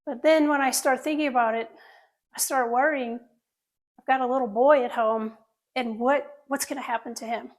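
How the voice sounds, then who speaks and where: A woman's voice: high voice, fairly even intonation, normal speed. A middle-aged woman, a surgeon, telling an earnest personal story to an audience, with asides to listeners.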